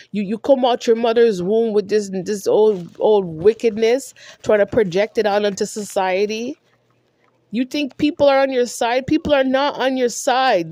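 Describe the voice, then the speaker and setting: A woman's voice: fairly high pitch, a little mellow, dry recording. A woman vlogger delivering a heated monologue, scolding someone directly and repeating herself for emphasis.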